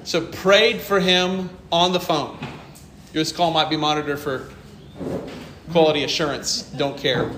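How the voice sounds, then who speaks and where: Bright animated preacher telling stories. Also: male voice, on the high side, a little slow, echoey room, slight background noise. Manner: storytelling, acts out dialogue, laughs often. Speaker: pastor. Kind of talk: sermon.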